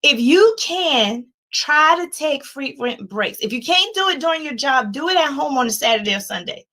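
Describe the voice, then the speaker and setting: A woman in her forties giving a livestreamed life-coaching talk, emphatic and animated, chanting repeated words and laughing often. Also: high voice, normal speed, low-quality recording.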